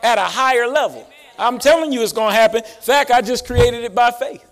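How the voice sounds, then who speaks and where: Man, lively pastor preaching, high-pitched, rising emphasis for the congregation. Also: a little fast, a faint crowd. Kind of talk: sermon. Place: church sanctuary.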